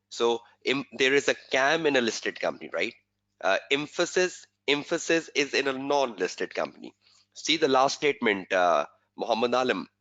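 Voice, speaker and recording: Bright-voiced man lecturing a webinar. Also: medium pitch, expressive, normal speed. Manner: repetitive, quizzing rhetorical questions. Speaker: exam tutor. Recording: dull lo-fi webinar audio.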